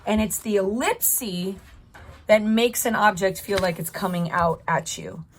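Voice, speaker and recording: A woman art teacher talks through a drawing while she works on it, encouraging viewers step by step in a live tutorial. Her mid-range voice moves a little slowly, with a bit of hiss or hum in the audio.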